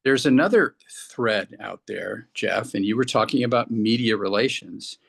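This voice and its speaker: Podcast co-host, male, gravelly voice, earnest and halting delivery. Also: lowish voice. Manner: earnest, restarts often. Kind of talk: casual discussion.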